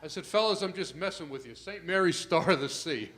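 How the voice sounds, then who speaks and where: An older man doing a stand-up comedy set in a club, telling stories with asides to the crowd and getting louder for the punchlines. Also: on the high side, animated, fairly quick, a little hiss or hum. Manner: storytelling with asides to the crowd, rising loud for punchlines.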